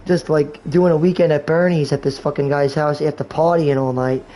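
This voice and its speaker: A man's voice: fairly high pitch, fairly even intonation, brisk, dark tone, slight background noise, low-quality recording. A man in his twenties talking in a rambling, candid way and swearing often, while hosting a gaming livestream. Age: 20s. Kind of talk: rambling casual chat.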